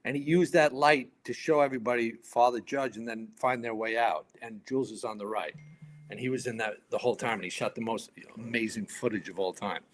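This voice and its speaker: A man in his fifties from New York, a retired firefighter and podcast guest, telling stories in a lively way and acting out other people's lines. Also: medium pitch, brisk, few pauses, slight background noise. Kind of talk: casual storytelling interview.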